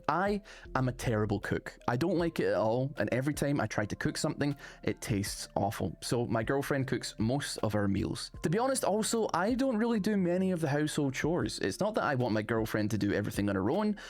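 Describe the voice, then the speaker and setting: A man hosting a channel, reading online posts aloud and chatting about them in a casual, animated way. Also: medium pitch. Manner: chatty, animated, rising emphasis on phrase openings. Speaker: host reading online stories. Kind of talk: casual read-aloud and commentary.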